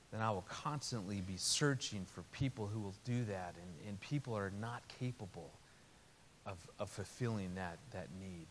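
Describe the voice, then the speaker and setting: A middle-aged man preaching through a personal story, animated and wry, then earnest. His voice rings out with a long hall reverb, and a faint hiss sits underneath. His pitch sits in a middle register. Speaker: Christian speaker. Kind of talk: storytelling sermon.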